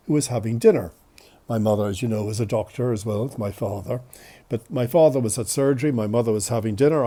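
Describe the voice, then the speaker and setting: Male podcast host, storyteller, a cold in the voice, dark and raspy. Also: medium pitch. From Ireland. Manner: chatty, self-deprecating, animated storytelling. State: has a cold. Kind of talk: casual storytelling.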